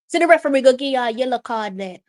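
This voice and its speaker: A woman's voice: high voice, lively intonation, fast. A woman with a Jamaican accent hosting a live watch-along of a football match. She gives emotional reaction commentary, pleads with the players and slips between Patois and English.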